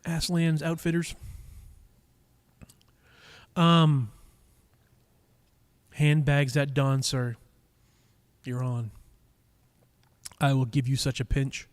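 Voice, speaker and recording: A man's voice: mid-range voice, flat delivery, drawn-out words, pauses often. A man hosting a live stream in casual chat, rambling with lots of fillers and teasing his viewers, talking into a microphone in a cigar lounge. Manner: rambling, chatty, many fillers and restarts.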